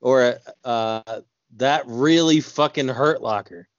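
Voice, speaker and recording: A man's voice: mid-range voice, takes it slowly, highs cut off. Crude, rambling man on a podcast. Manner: crude jokes, rambling storytelling. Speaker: podcast co-host. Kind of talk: casual movie chat.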